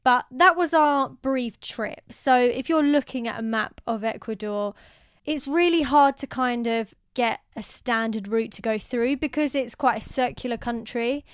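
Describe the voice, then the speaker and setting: A woman's voice: fairly high pitch, measured pace, clear, resonant tone, dry recording, studio quality. A young woman co-hosting a travel podcast, chatting enthusiastically and giving advice. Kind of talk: casual chat.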